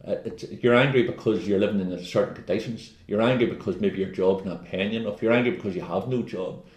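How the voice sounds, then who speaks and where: Fast-talking man in an echoey room. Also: fairly low pitch. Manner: rambling, animated, jokey. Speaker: co-host. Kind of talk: casual wellness advice chat.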